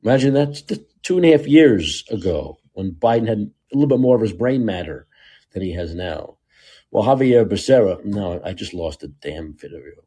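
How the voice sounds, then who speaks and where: A man's voice: on the low side, animated, normal speed, warm tone, slightly rough. Sarcastic ranting male podcast host. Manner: laughs often. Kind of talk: political commentary.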